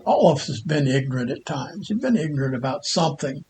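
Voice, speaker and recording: An older man, a lawyer, telling a personal story in a halting monologue with frequent restarts and pauses. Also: on the high side, animated, darkish tone, a little hiss or hum. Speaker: Christian commentator and lawyer.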